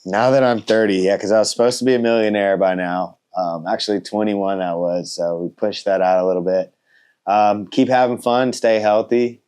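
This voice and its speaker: A man's voice: lowish voice, steady tone, moderate pace, darkish tone, clear, resonant tone. A man of thirty answering interview questions in a casual, polite way, with many fillers and a trailing-off delivery. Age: 30s. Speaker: motorcycle racer and content creator.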